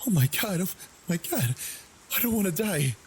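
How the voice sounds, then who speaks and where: A man voicing a terrified, bleeding woman, crying out in a frantic, high-pitched voice. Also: moderate pace, a little hiss or hum, natural voice. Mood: panicked.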